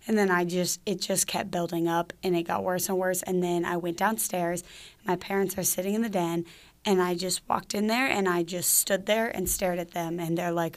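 A woman's voice: on the low side, fairly even intonation, a little fast. A young woman from Georgia in the US, telling a personal story in a casual, chatty way with lots of "like" fillers. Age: young adult.

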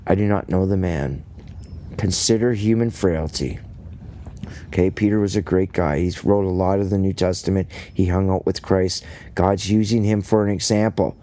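A man with a fairly low voice leads a homespun Bible study podcast. He reads scripture, then explains it in plain, folksy talk with joking asides. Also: normal speed, mellow, a little hiss or hum. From Canada. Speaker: podcast host and lay preacher. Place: rural home, indoors.

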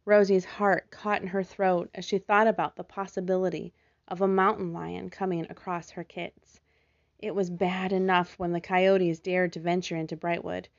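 Lower-voiced woman reading a storybook. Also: vocal fry, muffled recording. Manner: gentle, measured storytelling. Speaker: storybook narrator. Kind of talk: scripted narration.

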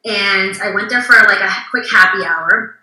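A woman's voice: mid-range voice, normal speed, sharp tone, roomy sound, poor audio. A woman interior designer as a guest, chatting casually and telling stories in a bubbly way, acting out other people's lines. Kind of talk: casual storytelling chat.

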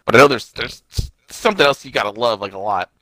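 A man banters on a podcast, ribbing his co-host and laughing easily. His voice is bright and his pitch is lively. The sound is dry and close. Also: fast talker, no echo. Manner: teasing, laughs often. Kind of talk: casual chat.

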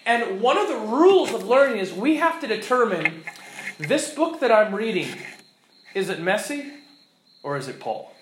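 A high-voiced man lecturing a class, animated and illustrative, slipping into little acted-out quotes. The room is echoey, with a faint hum of noise behind him. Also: normal speed. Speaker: teacher.

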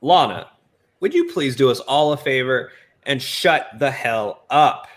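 A man's voice: mid-range voice, animated, a little slow, fairly bright tone. A brash male wrestler in a wrestling game mocks his opponents with heavy emphasis, as a man voices him. He sounds like an everyday male speaking voice. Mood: taunting. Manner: taunting, emphatic.

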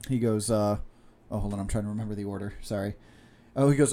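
A man's voice: lowish voice, fast talker, mellow. A young man telling long-winded jokes in casual chat, laughing often and restarting lines as he goes. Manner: laughs a lot, rambling storyteller with restarts.

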